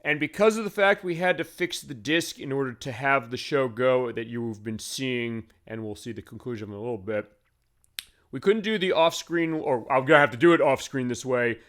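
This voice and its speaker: A man's voice: mid-range voice, normal speed, a bit bright. A man hosting a retro game show, explaining in a rambling voice-over full of fillers. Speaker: game stream host.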